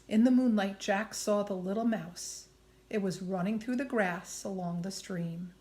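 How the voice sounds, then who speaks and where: A woman reading a children's chapter book aloud. She reads slowly and deliberately and drops to a whisper at hushed moments. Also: medium pitch. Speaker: storybook reader.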